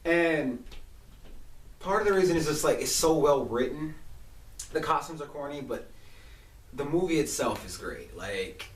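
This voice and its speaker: A young man in his late twenties talks in a chatty, animated way as the host of his own show. His voice sits a bit high, and he sounds distant from the mic in an echoey room. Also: unhurried, pauses often. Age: 20s. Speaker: podcast host. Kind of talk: casual monologue.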